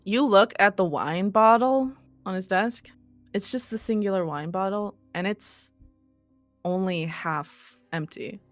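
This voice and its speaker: A woman narrating a tabletop role-play as game master, relaxed and full of fillers. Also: medium pitch, measured pace, soft background music.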